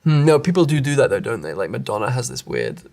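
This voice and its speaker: A man's voice: mid-range voice, big pitch swings, fast, vocal fry, a little mellow. An English man in his thirties reads out internet comments and answers them in a rambling, self-interrupting way, laughing at himself now and then. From England. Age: 30s. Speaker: actor answering internet questions. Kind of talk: casual reading and answering web comments.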